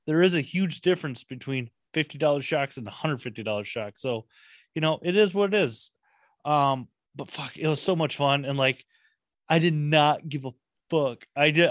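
A young man hosts his podcast in loose, rambling chatter, cursing freely as he gets excited. His voice sits in an ordinary middle register. The sound is close and dry, with no room behind it. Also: medium pitch, dry recording. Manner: profane, rambling, enthusiastic. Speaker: podcast host. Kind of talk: casual chat.

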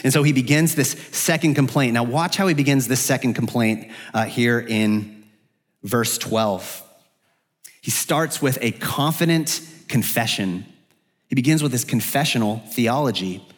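In a church sanctuary with long hall reverb, a pastor delivers an expository sermon in an unhurried, mid-range voice. He sounds earnest and searching, and his voice rises whenever he speaks the prophet's prayers aloud.

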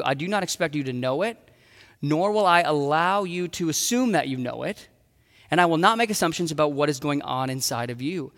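A pastor giving a sermon in an earnest way, acting out arguments between spouses. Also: male voice, on the high side, a little fast, a bit bright, in a large hall. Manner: earnest, acts out quarrels in voices. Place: church sanctuary.

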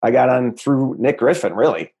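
Husky-voiced comedian guest in his forties. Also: mid-range voice, lively intonation, moderate pace, mellow. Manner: easygoing, laughs often, says "dude". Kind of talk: casual comedic chat.

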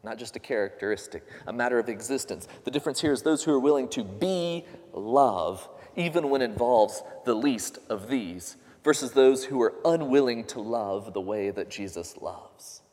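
A man's voice: medium pitch, expressive, normal speed, hardly any pauses, darkish tone, long reverb tail. A man preaching a sermon, earnest and questioning, lifting his voice when he quotes others. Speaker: pastor.

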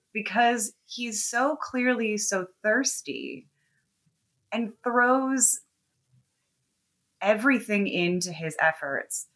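Woman, casual film review chat, wry and measured, slow pace, bright voice. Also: medium pitch. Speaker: podcast co-host.

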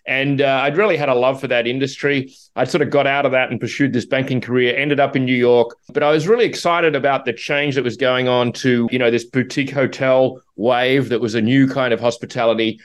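A man's voice: medium pitch, steady tone, a little fast, few pauses. A middle-aged man with an Australian accent, answering interview questions in a hesitant way with many fillers. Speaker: guest, hospitality business owner.

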